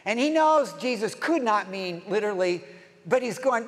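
Male pastor, casual storytelling sermon, high-pitched, long reverb. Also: brisk. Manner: conversational, acts out quoted lines, rhetorical questions.

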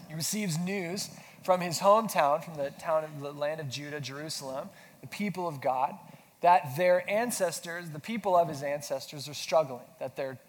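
A pastor preaching a sermon, feeling sick, talking casually and asking his congregation questions. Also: a little high. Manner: conversational, self-deprecating humor, asks the audience questions. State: sick with flu. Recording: long hall reverb, faint noise.

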